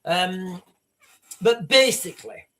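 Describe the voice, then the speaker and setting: A northern English man hosting a livestream, giving fast, rambling political commentary with many restarts. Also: high-pitched, sharp tone. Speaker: livestream host.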